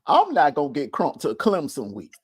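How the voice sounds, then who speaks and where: A man's voice: on the high side, wildly swooping pitch, normal speed. A man hosting a casual college football livestream, upbeat and laughing often. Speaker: show host. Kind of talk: casual sports talk livestream.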